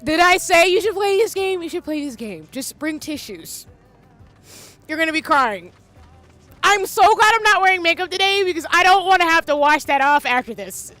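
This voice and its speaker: A high-pitched woman with a bright, sharp tone chats to her stream while playing. She is emotional and gushing, often close to tears, with faint game music playing behind her. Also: lively intonation, normal speed, dry recording. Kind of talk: casual live-stream commentary.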